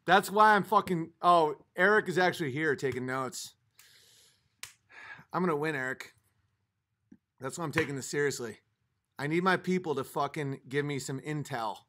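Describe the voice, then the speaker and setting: A man's voice: a little high, normal speed, long pauses, pushed and bright. A man hosting a livestream, arguing with his chat in a profane, exasperated rant, a little tipsy from a few drinks. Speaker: livestream host reading chat.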